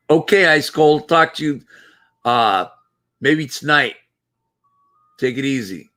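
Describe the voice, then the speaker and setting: A man hosting a casual live-stream chat, talking slowly and haltingly as he thinks aloud. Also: mid-range voice, bright, forceful tone. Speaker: show host.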